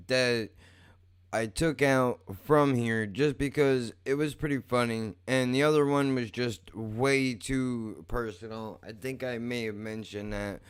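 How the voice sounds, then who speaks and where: A young man hosting a podcast that he also edits, talking in animated, casual banter full of laughs, swearing and "bro". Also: mid-range voice, slow. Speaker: podcast host who edits the show.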